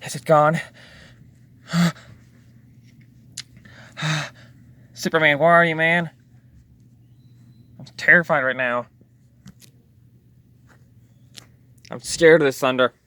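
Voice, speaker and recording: A man's voice: a little high, steady tone, brisk, bright, forceful tone. A man voicing a jittery male robot clown who is frightened of storms, sighing and whining as he talks. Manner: sighing, whiny, easily frightened.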